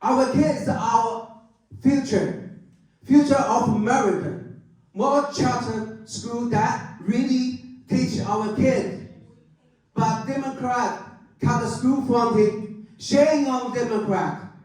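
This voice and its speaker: A man's voice: extremely high pitch, takes it slowly, pauses often, a little mellow. A man who is a political candidate, giving an angry campaign speech at a club meeting in broken English, emphatic and asking the crowd to agree. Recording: echoey room, mic far off.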